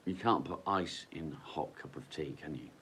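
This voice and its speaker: A man's voice: extremely low pitch, moderate pace, a bit bright, a little hiss or hum. A man hosting a casual live stream at home in his kitchen, chatting bluntly, swearing freely and talking to his dog.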